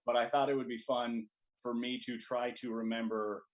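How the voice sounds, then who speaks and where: A man's voice: mid-range voice, level tone, normal speed, rough recording. A man performing stand-up as a contestant, crudely retelling a movie plot in a rambling way and laughing at his own jokes. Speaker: comedian contestant.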